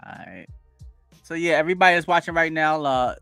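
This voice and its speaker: A man in his forties with a slightly high, gravelly voice talks fairly quickly while hosting a casual stream. The tone is clean with no room sound and soft background music, captured on a wired home streaming setup. He animatedly greets viewers by name, reads their comments aloud, and gets them hyped.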